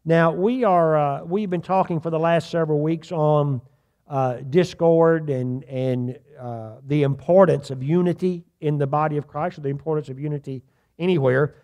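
A man with a fairly high voice preaches to his congregation in a church. He reads scripture slowly and with weight, then turns and asks his listeners direct questions. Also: darkish tone. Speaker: pastor. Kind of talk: sermon. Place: church sanctuary.

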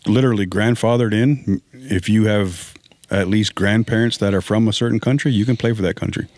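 Wry low-voiced Mohawk man. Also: fairly quick, a little mellow. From Mohawk community in Canada. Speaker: podcast co-host. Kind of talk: casual podcast chat.

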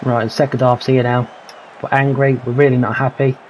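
Guy calling a football game sim, mid pitch voice, bit of hiss behind. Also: little pitch movement, normal speed, poor audio. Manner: calls player names, mutters his own worries. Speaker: gaming commentator. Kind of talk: casual let's-play commentary.

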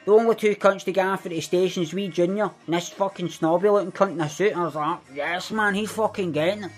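A man's voice: high voice, fast, soft background music, lightly acted. A man playing a boastful, violent young Glasgow man in a comedic character monologue, telling a rambling story with a Glaswegian accent and heavy swearing. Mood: menacing.

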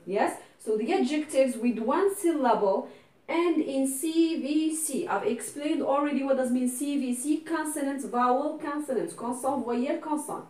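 A woman's voice: high-pitched, a little mellow. Teacher-like woman. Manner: patient, explains step by step, keeps checking "okay?"; switches into French and Arabic to explain. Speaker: English teacher. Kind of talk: classroom grammar lesson. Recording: echoey room, voice from a distance.

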